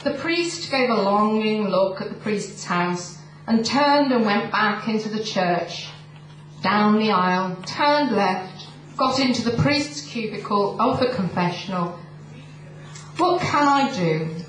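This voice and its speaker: Slow-spoken woman telling stories in a hall. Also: mid-range voice, expressive, a little hiss or hum. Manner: slow and deliberate, with frequent ums. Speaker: storyteller. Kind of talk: live storytelling to an audience. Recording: echoey hall, distant mic, crowd murmur.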